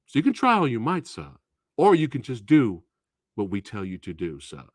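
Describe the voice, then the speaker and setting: A man's voice: medium pitch, wildly swooping pitch, moderate pace, no echo, clean studio sound. A man voicing polite, menacing teenage schoolboys who call everyone sir. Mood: coldly polite. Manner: overly formal, calls everyone sir.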